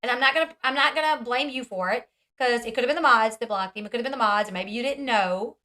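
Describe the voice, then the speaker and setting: Woman vlog commentator, bright forceful tone, slightly high, blunt and sarcastic. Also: fast talker. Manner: blunt, sarcastic, mimics others mockingly. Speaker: commentary channel host.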